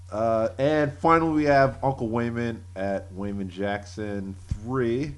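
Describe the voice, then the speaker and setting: A man speaking unhurriedly as he co-hosts a casual podcast. He reads posts aloud, laughs often and swears freely, at a mid pitch. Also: smooth. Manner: slow, laughing, crude jokes. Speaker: podcast co-host. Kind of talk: casual podcast banter, reading tweets aloud.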